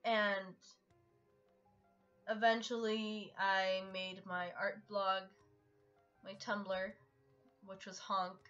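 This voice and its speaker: A young woman shares a personal story in a casual vlog, speaking slowly with many pauses and fillers. Her voice comes through muffled, lo-fi audio with faint music underneath. The delivery sits at an ordinary pitch for a woman. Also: little pitch movement, fairly bright tone. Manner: halting, filler-heavy storytelling. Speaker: art vlogger.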